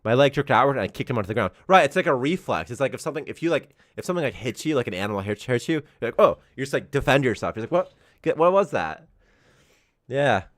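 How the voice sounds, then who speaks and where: A man in his thirties chatting casually on a live development stream, telling rambling, animated stories and laughing often. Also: mid-range voice, rapid-fire, hardly any pauses, no room sound, studio quality. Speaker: game developer co-hosting a dev stream.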